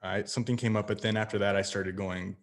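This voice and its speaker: A man's voice: lowish voice, steady tone, fast. A man from El Paso with a Texas accent, a comedian and podcast guest telling stories in a laid-back, casual way, swearing freely. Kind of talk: casual chat.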